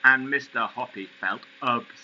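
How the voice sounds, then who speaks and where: A man's voice: mid-range voice, moderate pace, muffled recording, noisy background. A man teaching, reading a story aloud expressively and explaining words along the way.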